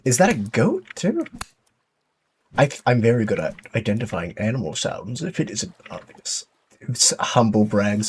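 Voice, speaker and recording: A man's voice: on the low side, a little slow, slight background noise. Chatty, playful male game streamer. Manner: chatty, playful, self-mocking; excitable exclamations. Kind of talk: live gaming commentary.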